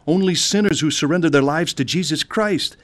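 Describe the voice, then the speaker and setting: A man's voice: on the high side, brisk, no echo. A man earnestly narrating and acting out his own conversion story, pleading with his family. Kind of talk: dramatized testimony narration.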